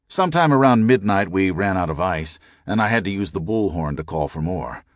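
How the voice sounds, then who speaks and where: A man narrating an audiobook in a deep, measured voice. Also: animated, dry recording, clean studio sound. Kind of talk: scripted narration.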